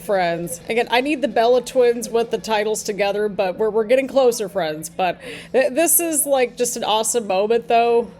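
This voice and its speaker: A young woman hosting a live wrestling reaction, excitable and gushing, with frequent "oh" and "like". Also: a little high.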